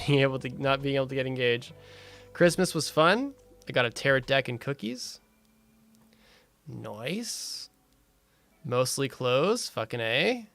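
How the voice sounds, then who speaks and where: A man's voice: on the high side, sharp tone, clean tone, no room sound. A young man streaming, chatting casually with viewers, swearing and laughing often and reading chat aloud.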